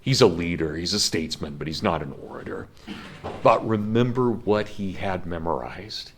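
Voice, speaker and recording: Low-voiced animated male history lecturer. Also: moderate pace, gravelly, a little hiss or hum. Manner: animated storytelling, emphatic, gets emotional. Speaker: history professor. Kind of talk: classroom lecture.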